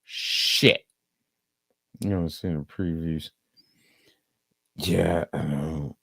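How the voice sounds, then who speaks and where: A man's voice: very deep voice, fairly even intonation, slow, creaky, dark tone, husky, no echo. A man streaming a casual, profane movie review, rambling and leaning on "um" and "uh". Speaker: live streamer.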